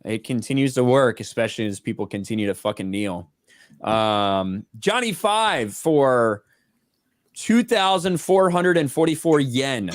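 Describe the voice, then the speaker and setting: A man's voice: mid-range voice, animated, a little slow, no echo. A man hosting a casual livestream, reading viewers' donated messages aloud and swearing casually. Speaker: host reading super chats.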